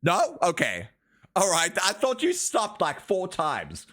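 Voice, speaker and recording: A man livestreams, chatting loosely with viewers in a high, sharp voice that moves slowly with huge swings in pitch. Drowsy and loopy from allergy medication, he's goofy and rambling, breaking into sing-song chants.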